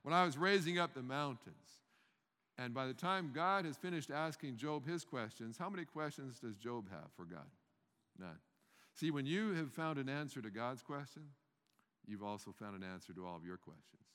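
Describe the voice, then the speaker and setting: A man's voice: medium pitch, sing-song, moderate pace, a bit bright. A man preaches a sermon in an easy, conversational way, stopping to ask his listeners questions and circling back over his own words. His voice sits in the middle range. The sound carries the long reverb of a large hall. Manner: conversational, restarts, rhetorical questions to the congregation.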